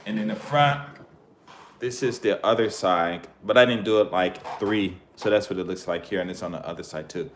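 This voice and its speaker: Middle-aged male vlogger, rambling slangy rant, bursts loud now and then, echoey room. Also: deep voice, moderate pace. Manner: loose, rambling, slangy, with sudden raised outbursts. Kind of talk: casual rant to camera. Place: living in Japan. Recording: echoey room with faint ambient noise.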